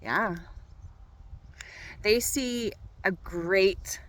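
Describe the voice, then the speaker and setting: Here the woman's voice sits mid-range, a bit bright, with drawn-out words and poor audio quality. She's the same kind of bubbly, gushing tarot vlogger, talking to viewers as she walks outdoors near a golf course.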